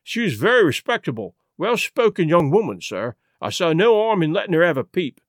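A man's voice: sits high, big pitch swings, a little fast, no room sound. Man reading big penitent constable, apologetic, rambling, dry close sound. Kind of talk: audiobook reading.

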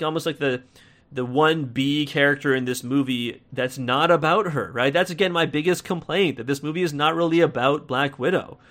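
A man's voice: medium pitch, fairly bright tone. A man with an American accent giving a casual, rambling film review, full of fillers and restarts, with wry laughs.

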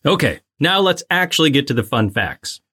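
A woman's voice: sits low, big pitch swings, normal speed, a bit bright, slightly rough. A woman co-hosting a casual movie podcast, playful and giggly as she runs through the cast and facts. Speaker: podcast co-host.

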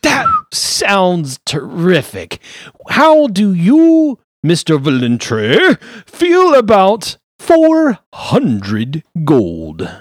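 A man voicing a pompous, fussy wizard lawyer who flatters and drags out his words in a tabletop game. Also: sits high, no room sound, studio quality, pitched above the performer's own voice, full character voice. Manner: pompous, effusive, drawn-out. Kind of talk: tabletop role-play character voice.

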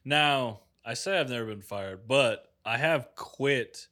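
A man's voice: mid-range voice, slow, pushed and bright. A man in casual chat, reacting with laid-back, profane jokes and short asides.

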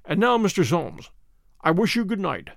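Male reader's unhurried detective, assured, fairly high voice. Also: sing-song, gravelly, no echo, studio quality, exaggerated voice. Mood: calm authority. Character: calm, commanding male detective.

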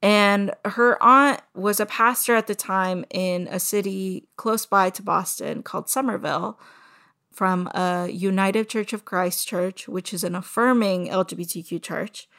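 A woman telling her own story as a personal testimony, soft and halting, with many pauses and fillers. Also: medium pitch, fairly even intonation.

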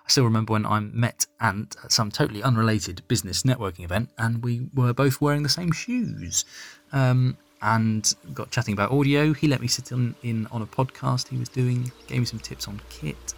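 Gravelly-voiced cheerful man. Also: medium pitch, normal speed. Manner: cheerful, rambling, chuckling. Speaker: voice actor. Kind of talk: recorded personal message.

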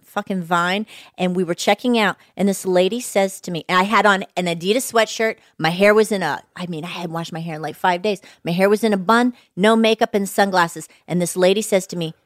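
A woman's voice: fairly low pitch, fairly even intonation, fairly quick, no room sound, clean studio sound. A middle-aged woman with a whiny voice, telling stories candidly in a casual interview and swearing freely. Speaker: podcast guest.

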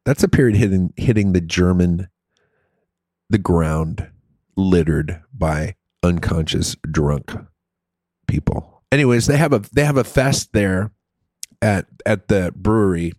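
A middle-aged man telling a story in casual chat, crude and profane with an animated, rambling delivery. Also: low-pitched, unhurried, dry recording, clean studio sound.

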